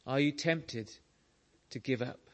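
A man preaching a sermon, slow and earnest, telling stories to make his point. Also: medium pitch.

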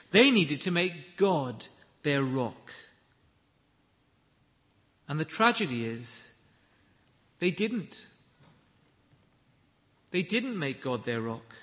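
A man preaching a sermon, measured and emphatic, with deliberate pauses. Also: sits high, fairly bright tone, in a large hall.

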